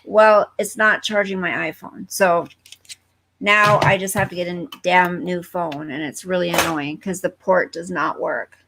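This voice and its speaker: Woman on a livestream, slow easy pace, chatty and a bit distracted, talks right to her viewers. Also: lowish voice, steady tone, creaky, background noise. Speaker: livestream host reading viewer comments. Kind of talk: casual live chat. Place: at home, fireworks outside.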